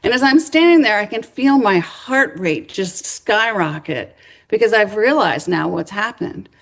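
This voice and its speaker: A middle-aged woman giving a lecture, telling a story in a lively way and acting out the voices of people she quotes. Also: mid-range voice, unhurried, gravelly. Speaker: speaker. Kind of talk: university lecture.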